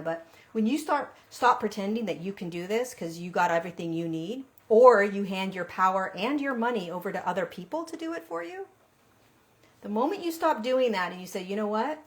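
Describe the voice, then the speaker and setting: An earnest woman with a mid-range voice tells a personal spiritual testimony. She talks in a loose, conversational way and speaks straight to her listener, often checking in with them. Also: mid-range voice.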